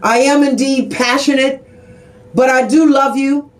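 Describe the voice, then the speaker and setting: Passionate high-voiced woman, roomy echo. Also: fairly even intonation, a little slow. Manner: passionate, exhorting, emphatic. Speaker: advocate and journalist. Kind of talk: impassioned podcast monologue.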